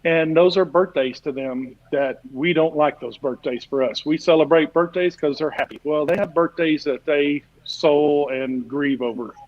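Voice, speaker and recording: A man's voice: a little high, moderate pace, hardly any pauses. Folksy rambling man, lo-fi audio. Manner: rambling, folksy, many "uh" fillers. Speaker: barbecue class teacher and guest. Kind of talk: casual storytelling chat. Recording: dull lo-fi stream audio.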